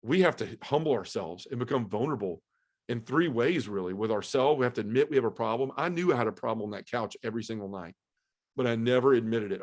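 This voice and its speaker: A man's voice: mid-range voice, expressive, quick pace, darkish tone. A middle-aged man giving an earnest, heartfelt personal testimony as a podcast guest, restarting his sentences as he goes.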